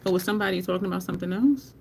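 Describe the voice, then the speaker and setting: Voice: mid-range voice, rapid-fire, a little mellow, a little hiss or hum. A beauty live-streamer in casual, chatty talk with viewers while swatching makeup, laughing often.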